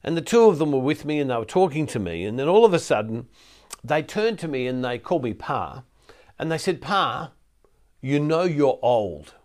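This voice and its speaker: A man's voice: mid-range voice, big pitch swings, brisk, warm tone. Older man preaching in easy conversation. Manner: conversational, with frequent restarts and repeated words. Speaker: Catholic preacher. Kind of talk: recorded teaching talk. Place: ministry centre studio.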